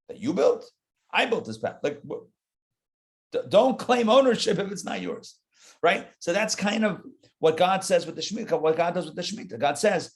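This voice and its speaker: Animated rabbi giving a live class. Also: male voice, sits high, normal speed. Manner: conversational, animated, talks straight to the class.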